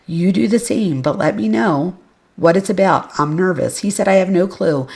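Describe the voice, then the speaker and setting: A woman's voice: fairly low pitch, moderate pace, a little mellow. A woman hosting a podcast, reading case records and message exchanges aloud with casual, blunt asides. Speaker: podcast host.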